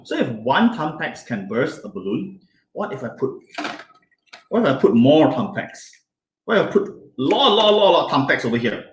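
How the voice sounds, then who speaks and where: Running a hands-on science class for children, a man with a fairly high voice keeps firing questions at the kids, his pitch jumping up and down. He's very animated and talks at a moderate pace, and the room around him is spacious and full of echo.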